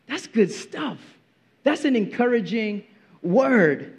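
A young man preaches a sermon as a pastor, speaking in casual slang with animation and occasionally acting out movie scenes and quotes. His voice is very high and a little slow, captured with lo-fi sound.

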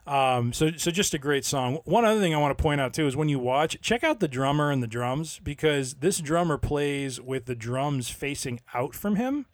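A man's voice: medium pitch, no echo. Hesitant man recommending music. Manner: hesitant, full of ums and restarts. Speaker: podcast co-host. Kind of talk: casual podcast chat.

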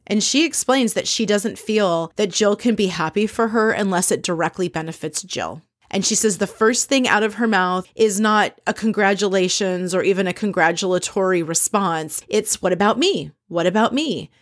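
A woman's voice: medium pitch, normal speed, hardly any pauses, dry recording. Chatty woman recapping, dry close sound. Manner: chatty, opinionated, acts out quoted lines. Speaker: podcast host recapping a reality show. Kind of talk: casual recap commentary.

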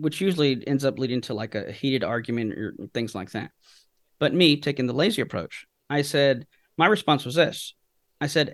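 A man talking as a podcast guest, his voice sitting at an ordinary pitch. He teaches through stories and poses questions that he then answers himself. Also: no echo. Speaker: guest speaker. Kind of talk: podcast interview storytelling.

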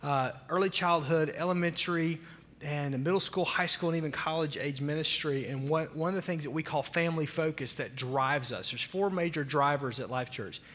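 A man's voice: fairly high pitch, moderate pace, fairly bright tone. A middle-aged man with a Southern US accent, a senior pastor giving a chatty, joking sermon welcome that rambles with restarts, on a stage microphone in a large church. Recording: long hall reverb.

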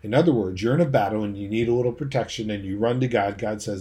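A man's voice: fairly low pitch, fast talker, dark tone. A man preaching a sermon, leading his listeners through vividly imagined scenes.

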